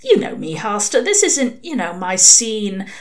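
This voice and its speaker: A woman's voice: very animated, unhurried. A woman voicing a nervous male demon who babbles and tries to please, in a storybook reading. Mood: anxious. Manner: babbling, high-strung.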